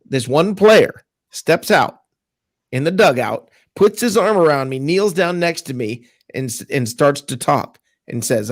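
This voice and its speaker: A man's voice: mid-range voice, lively intonation, moderate pace, no room sound, studio quality. A man earnestly telling a story from his childhood on a sports talk show. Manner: earnest, recounting a childhood memory.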